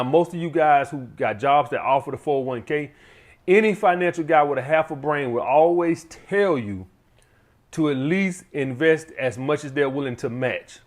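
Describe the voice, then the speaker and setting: Blunt, profane man talking money. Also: fairly high pitch. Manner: blunt, profane, keeps addressing the audience as guys. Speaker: channel host giving money advice. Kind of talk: casual advice monologue.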